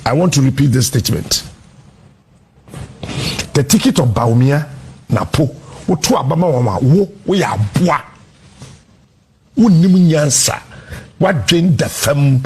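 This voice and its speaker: A man's voice: high voice, husky. A Ghanaian-accented man journalist in a heated on-air rant, insulting and declaiming with emphasis. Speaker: radio and TV journalist.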